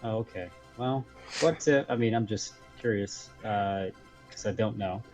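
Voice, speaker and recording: A man's voice: on the low side, measured pace, a little mellow, soft background music. A man playing a tabletop game, curious and self-deprecating. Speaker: player. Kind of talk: casual tabletop play.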